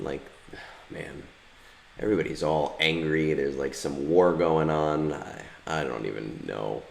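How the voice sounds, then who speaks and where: Brief: low-voiced, unhurried male streamer, rambling, filler-heavy, in a roomy echoing space. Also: creaky. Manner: rambling, many fillers and restarts. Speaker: gaming streamer. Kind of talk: casual livestream commentary while playing.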